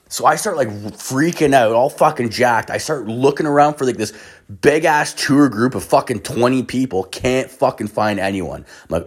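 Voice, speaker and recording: A man's voice: mid-range voice, expressive, moderate pace, slightly rough. A man from Canada, telling a casual story that wanders and is full of swearing and filler words. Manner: rambling, heavy swearing, filler-laden.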